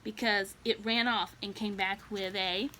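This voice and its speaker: A woman's voice: medium pitch, fairly even intonation, a little slow, pushed and bright, a little hiss or hum. A woman voicing Harriet, a small, curious young female cat with wings, who talks in an eager, dreamy way.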